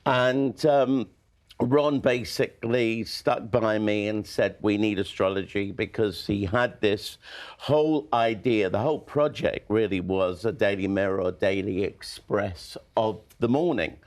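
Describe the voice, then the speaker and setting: A man's voice: on the low side, unhurried, a little mellow. A man who writes horoscopes, a studio guest telling theatrical, effusive anecdotes in casual chat.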